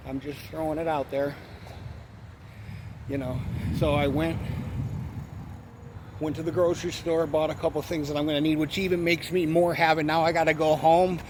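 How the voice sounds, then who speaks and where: Guy ranting a long story outside, swears a lot, kinda high voice, traffic noise all around. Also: little pitch movement, moderate pace, pauses often. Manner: profane, rambling, repeats "you know what I mean". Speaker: vlogger. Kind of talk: rambling storytime vlog. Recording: outdoor noise behind voice.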